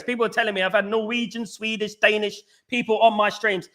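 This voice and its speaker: Chatty man, bright voice. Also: high-pitched, fairly even intonation, brisk, hardly any pauses. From England. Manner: rambling, repeats himself, frequent shout-outs. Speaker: host of a fan livestream. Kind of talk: casual livestream chat, reading viewer comments.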